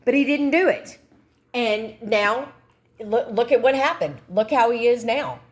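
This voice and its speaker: A woman's voice: a little high, lively intonation, measured pace. A middle-aged woman, chatting frankly to her viewers in a casual vlog and venting her frustrations. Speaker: vlogger. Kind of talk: casual chat to camera.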